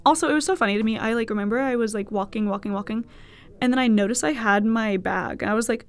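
Young woman host, higher voice with vocal fry, candid, swears freely, casual storytelling. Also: fast talker. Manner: candid, swearing, laughing, animated quoted voices. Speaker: podcast host.

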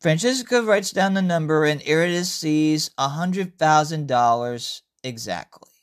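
A woman in her fifties reading a storybook aloud. She takes her time, with a deliberate, calm delivery and a lively rise and fall in her fairly low voice. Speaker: narrator.

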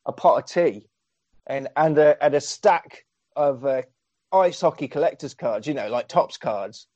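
A man with a slightly raised voice chats through a film plot, joking, swearing and throwing in quick mimicked lines. The audio is muffled and dull, recorded close and dry with no room sound. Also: a little high, a little mellow, no echo. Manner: sweary, jokey, retells scenes with quick put-on quotes. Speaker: podcast co-host. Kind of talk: casual film recap chat.

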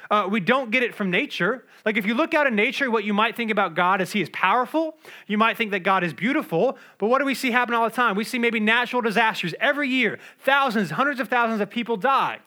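A man's voice: extremely high pitch, fast talker, pushed and bright. A young man preaching a sermon in a conversational way, with casual asides and fillers. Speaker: pastor.

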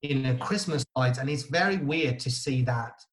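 A man's voice: mid-range voice, moderate pace. A man from Italy, a guest in a casual podcast chat, speaking in short phrases with many "you know" fillers. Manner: talks in short restarting bursts with many fillers.

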